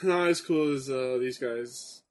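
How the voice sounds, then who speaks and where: A man's voice: medium pitch, a little slow. A man in casual chat about old wrestling, easygoing, laughing often and trailing off mid-sentence.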